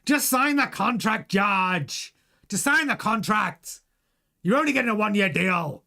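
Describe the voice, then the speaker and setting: A man putting on a clumsy impression of a blunt middle-aged male team boss, pressing in a drawn-out, mock-stern way. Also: sits high, lively intonation, gravelly, pushed and bright, full character voice. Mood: pushy.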